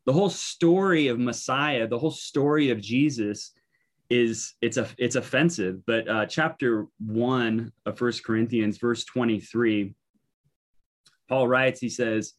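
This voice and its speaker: A male Bible teacher with a voice of ordinary, middle pitch talks through scripture in a loose, conversational way. He thinks aloud as he goes, often pausing on fillers and restarting his sentences.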